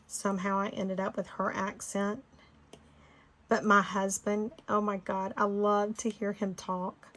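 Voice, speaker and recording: A woman's voice: medium pitch, level tone, measured pace, a bit bright. Chatty Southern woman with a Georgia accent. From Florida. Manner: chatty, rambling, laughs easily. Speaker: design tutorial host. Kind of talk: casual screen-recorded tutorial chat.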